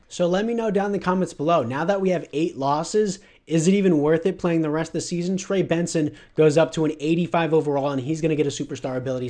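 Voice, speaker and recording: A young man commentating his own football video game play as a gaming YouTuber, calling each down and voicing frustration at his players. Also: medium pitch. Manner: narrates his own plays, flares into loud frustrated rants. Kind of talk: live gameplay commentary.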